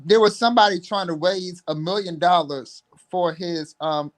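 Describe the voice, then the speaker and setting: A young man joining a livestream chat as a guest, speaking hesitantly with many pauses and restarts. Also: high-pitched. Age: young adult.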